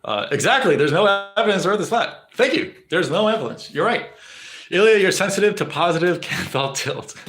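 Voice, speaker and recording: A man's voice: high-pitched, very animated, brisk, a bit bright, echoey room. A young man streaming live, rambling to his chat with lots of swearing, fillers and restarts. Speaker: livestreamer.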